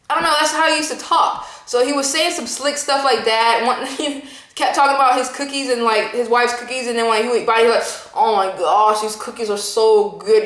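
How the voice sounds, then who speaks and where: A woman's voice: a little high, fairly bright tone. A woman in her twenties giving a casual, rambling movie review as a vlogger, full of loose fillers. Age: 20s. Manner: rambling, full of "like" and "you know". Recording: roomy echo.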